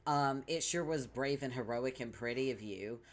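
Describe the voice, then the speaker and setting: A meek young troll boy, voiced by a man in a comic read-along. He speaks softly and haltingly, tripping over fillers. The pitch stays in a plain middle range. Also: natural voice. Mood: stammering. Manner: hesitant, stammering, soft-spoken.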